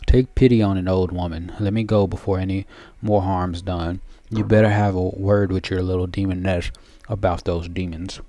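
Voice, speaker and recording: A man's voice: sits low, steady tone, normal speed, warm tone, dry recording. A man reading game dialogue aloud, voicing a cunning old hag who talks in a mocking, folksy old-crone way.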